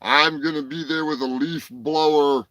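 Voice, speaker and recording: A man's voice: a little high, fairly even intonation, measured pace, bright, forceful tone, dry recording, low-quality recording. A man hosting a comedy news show, profane and mocking, rambling between jokes. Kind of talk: crude comedic news rundown.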